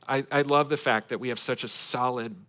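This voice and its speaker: A man from Michigan preaching a sermon to his congregation, swinging between loud emphatic points and quiet asides. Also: mid-range voice, fairly even intonation, a little fast. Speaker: pastor. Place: church sanctuary.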